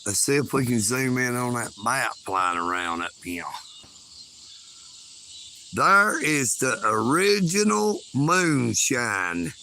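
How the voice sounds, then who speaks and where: A man's voice: medium pitch, very animated, slow, creaky, bright, forceful tone, a little hiss or hum. A man, chatting casually and folksily on a livestream outdoors at night. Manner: folksy, calls himself a hillbilly. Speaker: livestream host.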